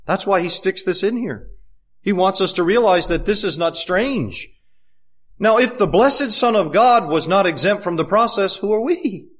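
A man preaching a sermon as pastor, swinging from fervent, rising appeals to hushed, intimate passages, and repeating words when he gets fired up. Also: high voice, animated, normal speed, slightly rough.

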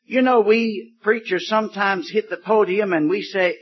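A man preaching a sermon, slow and deliberate, stretching words for emphasis. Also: high-pitched, husky. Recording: dull lo-fi recording.

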